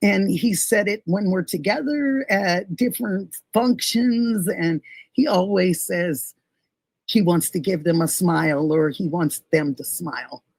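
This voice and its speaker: A woman's voice: fairly low pitch, a little slow, darkish tone, slightly rough, dry recording, low-quality recording. A middle-aged woman hosting a casual livestream, reading viewer comments aloud and gushing thanks to each person by name. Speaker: livestream host.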